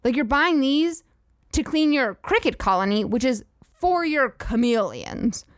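A woman podcast host rants in a profane, sarcastic and incredulous tone, swearing freely. Her voice sits fairly high, and the recording is dry and close, with little room sound. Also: expressive, measured pace, no room sound. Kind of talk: comedic rant.

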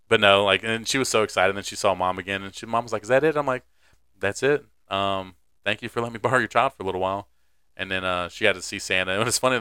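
Young man, podcast co-host, crude joking banter, low-pitched, bright forceful tone, dry close mic. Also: clear, resonant tone, dry recording. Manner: crude, joking, laughs often. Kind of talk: casual chat.

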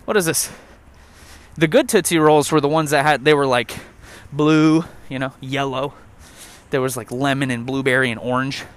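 A man's voice: medium pitch, flat delivery, normal speed, clean tone. A young man rambling and joking with lots of swearing while walking a trail outdoors. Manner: profane, rambling, jokey. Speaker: vlogger. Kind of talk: casual rant while walking.

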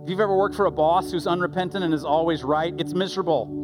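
A middle-aged man preaching a sermon as pastor, talking conversationally with lively asides and quick restarts. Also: fairly high pitch. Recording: loud music under the voice.

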